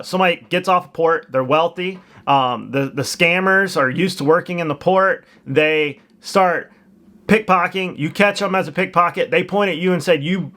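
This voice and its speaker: A man's voice: a little high, a bit bright. A man giving casual, explanatory commentary after a clip.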